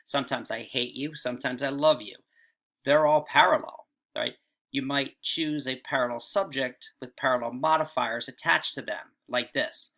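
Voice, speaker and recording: A man's voice: mid-range voice, moderate pace, fairly bright tone. A man teaching writing in a casual video lesson, often checking in with "all right" and "right?".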